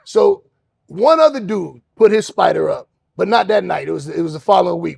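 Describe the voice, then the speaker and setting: Gravelly high-voiced man telling a story. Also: sing-song, fairly quick, dry recording, clean studio sound. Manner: acts out other voices, shouting and laughing. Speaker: podcast host. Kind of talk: animated storytelling.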